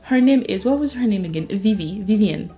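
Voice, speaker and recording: A young woman chatting about books she read this month, gushing and retelling plots with quick quoted asides. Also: mid-range voice, expressive, mellow, soft background music. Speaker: book reviewer. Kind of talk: casual monthly reading wrap-up.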